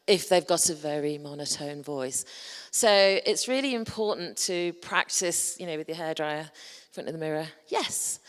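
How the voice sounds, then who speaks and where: A woman's voice: on the low side, a bit bright. Yorkshire woman speaking in a reverberant hall. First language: English. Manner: chatty and humorous, addresses the audience directly. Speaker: conference speaker. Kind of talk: presentation on public speaking. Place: large conference hall. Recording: long reverb of a large hall.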